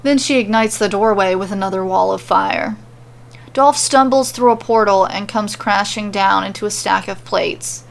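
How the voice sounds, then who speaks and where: A woman podcaster reading fan fiction aloud in a steady, lightly wry narration. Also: medium pitch, normal speed, vocal fry. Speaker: podcast storyteller.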